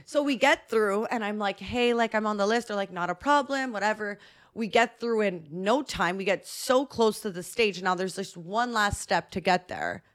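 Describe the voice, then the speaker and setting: A podcast co-host with a thick, medium-pitched voice tells a story at a moderate pace during casual chat. She acts out quotes and laughs often.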